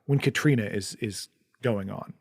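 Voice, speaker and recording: A man's voice: lowish voice, normal speed, creaky, no room sound. A man co-hosting a podcast, chatting casually about a film and rambling through restarts and fillers. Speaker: podcast co-host. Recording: dry, close-miked basement studio.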